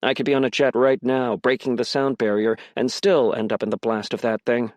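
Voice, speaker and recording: A man reading a crime mystery audiobook in first person, with a measured, tense delivery. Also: medium pitch, flat delivery, darkish tone, no echo, studio quality. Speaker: audiobook narrator.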